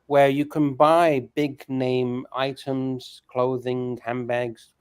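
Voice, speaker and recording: Smooth-voiced man explaining. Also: mid-range voice, little pitch movement, takes it slowly, darkish tone, no room sound, clean studio sound. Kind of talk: casual group chat.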